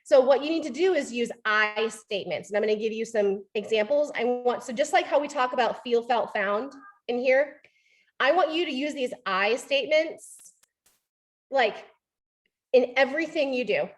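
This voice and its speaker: High-voiced woman coaching a training group. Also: moderate pace. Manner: animated, acts out quoted voices, frequent "right?". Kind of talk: motivational training talk.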